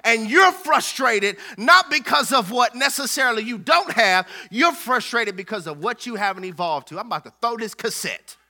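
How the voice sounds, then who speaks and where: A man's voice: very high voice, lively intonation, moderate pace, hardly any pauses, sharp tone. A man preaching a playful, joking sermon who calls out to his congregation. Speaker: pastor.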